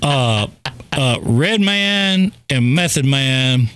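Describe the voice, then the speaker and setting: A man's voice: mid-range voice, expressive, very slow, fairly bright tone, smooth. A man co-hosting a casual talk show, talking animatedly with many stammered restarts and quoted movie lines. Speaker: radio show co-host. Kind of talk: casual chat.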